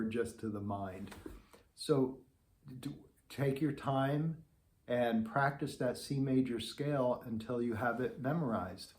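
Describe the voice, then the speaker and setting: A man's voice: mid-range voice, darkish tone, a little hiss or hum. A middle-aged man giving a patient beginner trombone lesson, sounding out articulation syllables. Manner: patient, demonstrates syllables aloud. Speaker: trombone teacher. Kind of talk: instructional lesson.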